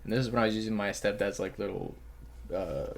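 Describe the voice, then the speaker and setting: A man's voice: on the low side, fast talker, vocal fry. A man hosting a podcast, telling a story in casual chat, full of slang and swearing, acting out the people he quotes. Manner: swearing, slangy, calls the listener bro. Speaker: podcast host.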